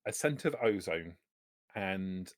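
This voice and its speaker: A man narrating as game master of a tabletop game, relaxed and halting, with many fillers. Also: deep voice, no room sound, studio quality.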